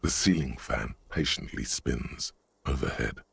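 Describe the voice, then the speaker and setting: A grave, very deep narrator. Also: male voice, gravelly, a bit bright, husky, heavily acted. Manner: slow, solemn, descriptive. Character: grave male narrator inside a detective's head. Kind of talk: video game narration.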